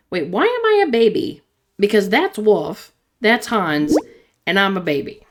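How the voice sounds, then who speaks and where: A woman's voice: medium pitch, huge pitch swings, a little slow. Woman, gaming host, reads game text aloud, chatty asides, laughs often. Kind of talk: reading game chats aloud with commentary.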